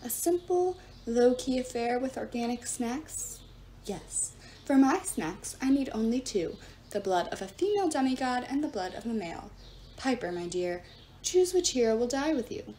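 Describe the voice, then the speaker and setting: A woman's voice: a little high, very animated, moderate pace, dark tone. Woman doing a sleepy hissing earth goddess. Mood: mocking menace. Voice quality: murmuring, hissing, mocking. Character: sleepy menacing earth goddess, ancient and cruel.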